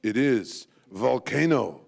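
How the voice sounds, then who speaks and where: A man's voice: mid-range voice, animated, slow pace, vocal fry. A man emceeing a live event, jovial and teasing, sprinkling in French phrases. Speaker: event host at a draw.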